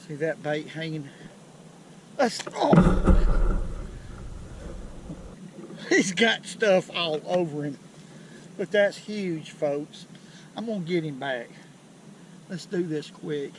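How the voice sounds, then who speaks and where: A man with a Southern US accent hosting a fishing vlog from a lake bank, folksy and excitable as he talks straight to viewers. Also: fairly high pitch, slow pace, long pauses. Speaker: fishing channel host. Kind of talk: outdoor fishing vlog commentary. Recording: outdoor noise behind voice.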